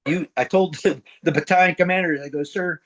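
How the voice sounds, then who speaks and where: A man's voice: on the high side, steady tone, quick pace, fairly bright tone, low-quality recording. Blunt, profane, rambling veteran man. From central United States. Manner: rambling, profane, blunt, voices sound effects. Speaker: retired Marine sergeant major, guest. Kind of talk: casual storytelling interview.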